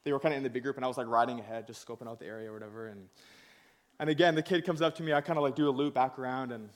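A man's voice: mid-range voice, fairly even intonation, rapid-fire. A young man preaching in a casual storytelling way, laughing at himself and acting out the people in his story. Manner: laughing, self-mocking, acts out quoted voices. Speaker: pastor.

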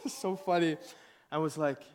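A man's voice: on the high side, slow pace, a little mellow. A young man preaching in a casual storytelling way, laughing at himself and acting out the people in his story. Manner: laughing, self-mocking, acts out quoted voices. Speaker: pastor.

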